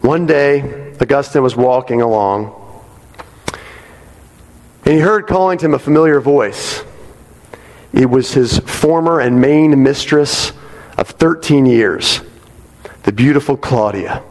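Slowly and with long pauses, a pastor in a church sanctuary delivers a conversational sermon, frequently asking his congregation "right?" His medium-pitched voice is a little mellow and echoes with the long reverb of the big hall.

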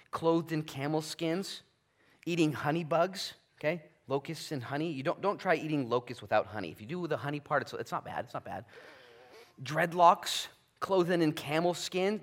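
A man preaching a conversational Bible-study sermon as pastor, animated, moving between loud emphasis and quiet asides. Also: a little high. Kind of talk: expository sermon. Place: church sanctuary.

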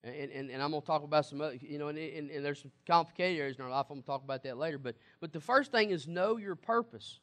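A man's voice: fairly high pitch, fast, few pauses, a bit bright. A man preaching a sermon, emphatic, repeating words and asking the congregation questions. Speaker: pastor.

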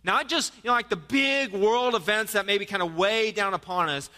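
A man's voice: high voice, moderate pace, hardly any pauses, sharp tone. A man preaching a sermon as pastor, talking conversationally and asking his listeners rhetorical questions. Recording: live sermon with long hall reverb.

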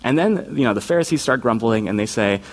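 A man's voice: mid-range voice, expressive, fast talker. A man preaching a conversational sermon as a youth pastor, earnest and informal, often slipping into quoted voices.

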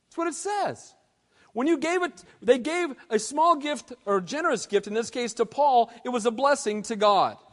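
A man preaching a sermon as pastor, animated and conversational, with casual slang. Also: extremely high pitch, normal speed. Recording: long hall reverb.

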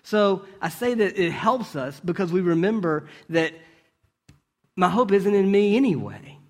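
Male preacher, conversational sermon, slightly high voice, rhetorical questions and asides. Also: very animated, a little slow. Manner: asks rhetorical questions and checks in with "right?"; storytelling with brief restarts.

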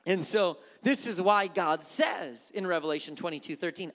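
A man's voice: high voice, moderate pace, few pauses, a bit bright, big-room sound. A male pastor preaching a sermon in an impassioned way, repeating refrains.

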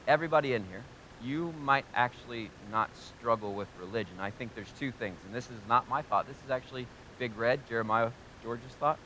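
A man preaching a sermon to a live congregation, energetic and joking, asking them questions directly. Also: mid-range voice, brisk, slight background noise. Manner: energetic, joking and talking straight to the audience. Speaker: pastor.

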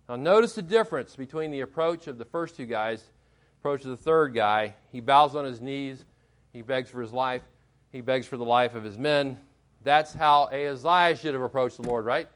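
A male pastor delivering a sermon with an emphatic, questioning manner. His voice sits a little high for a man, and he keeps turning to his listeners with rhetorical questions. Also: a bit bright.

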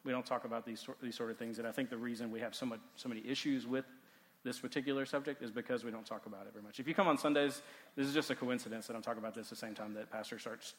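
A man in his thirties, a youth pastor, giving a casual, animated sermon full of stories and "like" fillers. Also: medium pitch, very fast. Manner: animated, chatty, heavy use of "like". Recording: long hall reverb.

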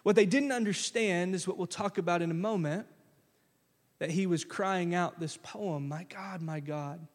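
A male pastor preaching a sermon, lively and conversational, slipping into casual phrases as he walks through a scripture reading. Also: sits high, moderate pace. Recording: long church-hall reverb.

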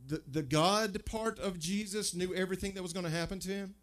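A pastor preaching a sermon, conversational and emphatic, full of rhetorical questions. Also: male voice, sits high, fairly quick, a bit bright.

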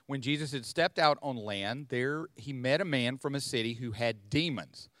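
A man hosting a podcast, explaining Bible passages in a relaxed way and thinking aloud as he goes. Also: medium pitch, normal speed, dry recording. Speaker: podcast host teaching the Bible. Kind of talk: conversational Bible teaching.

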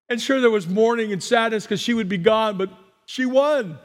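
A man preaching a sermon as pastor, telling stories and acting out voices, swinging between soft and loud. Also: sits high, moderate pace. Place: church sanctuary. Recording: long reverb of a large hall.

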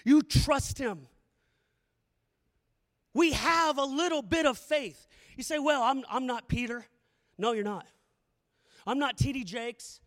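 Fervent male preacher, very high voice, hushed-to-shouting delivery, long reverberant hall. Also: takes it slowly, pauses often. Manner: impassioned, swings from hushed to shouted prayer. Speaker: campus missionary preacher. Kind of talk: sermon.

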